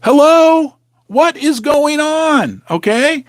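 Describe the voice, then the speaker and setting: Man, host, basement commentary, rambling, sarcastic asides, very expressive pitch. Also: takes it slowly, slight background noise. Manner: animated, sarcastic asides, talks to himself. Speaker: host of a precious metals channel. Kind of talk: casual rambling commentary to viewers. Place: home basement.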